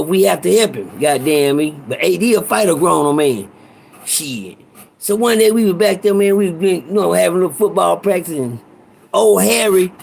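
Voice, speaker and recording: A man tells a casual, profane story, drifting off on tangents and repeating himself. His voice is high-pitched and gravelly, with a husky, raspy texture beneath every word.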